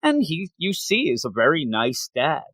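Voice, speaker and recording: A man's voice: on the high side, wildly swooping pitch, moderate pace, fairly bright tone, no room sound. A man co-hosting a manga review podcast, retelling the story in casual chat and acting out the characters' lines.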